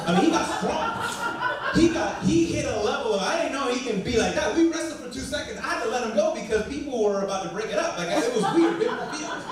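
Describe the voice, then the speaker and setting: A man with a strikingly high voice tells a sermon story in a loose, lively way, often breaking into laughter. He sounds distant from the mic. His voice rings around a very echoey hall. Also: fast, a crowd in the background. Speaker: pastor. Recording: very echoey church hall from far off.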